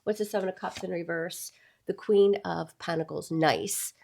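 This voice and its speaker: A woman's voice: fairly low pitch, moderate pace, gravelly, a little mellow. Chatty woman giving a tarot reading. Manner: chatty, addresses viewers as "y'all". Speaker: tarot reader. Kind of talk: casual tarot reading to camera.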